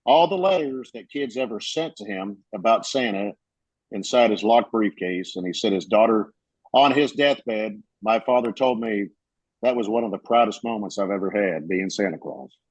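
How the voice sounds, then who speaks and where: A man's voice: fairly low pitch, expressive, moderate pace, husky, no room sound, lo-fi sound. A man on a podcast telling a story in casual chat, rambling with fillers and restarts.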